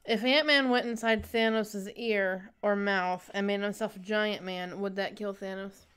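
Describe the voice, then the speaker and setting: A woman reads out viewer questions to the host on a live stream. Her voice is smooth and clear, and she reads plainly with a few hesitations. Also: medium pitch, steady tone, unhurried, a bit bright. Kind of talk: reading questions aloud.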